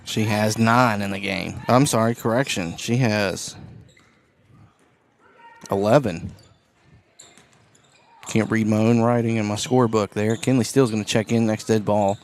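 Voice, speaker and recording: A man with a hoarse, raspy voice calling a high school basketball game live from a school gym, mixing brisk play-by-play with casual asides. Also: fairly even intonation, slight background noise. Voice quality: raspy, strained voice. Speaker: play-by-play announcer.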